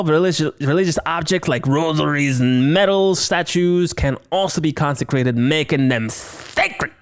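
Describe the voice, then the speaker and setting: A man hosting a solo horror movie review podcast, playful and chatty, joking with himself between explanations. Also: a little high. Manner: playful, lively, slips into silly voices and banter with himself. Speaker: podcast host.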